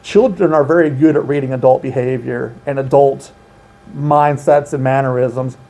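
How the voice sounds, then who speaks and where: Earnest guy talking child safety training, mellow warm voice, leans on key words. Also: medium pitch, fairly even intonation, moderate pace. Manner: earnest, emphatic, explanatory. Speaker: outreach coordinator at a children's center. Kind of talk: informational interview.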